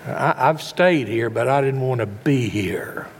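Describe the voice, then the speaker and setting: A man's voice: medium pitch, a little slow, slight background noise, lightly acted. A man voicing a resentful older son who complains bitterly to his father.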